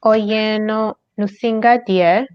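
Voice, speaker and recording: A woman reading practice sentences aloud in an online language class, slow and careful. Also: medium pitch, steady tone, clean tone, dry recording, muffled recording. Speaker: student.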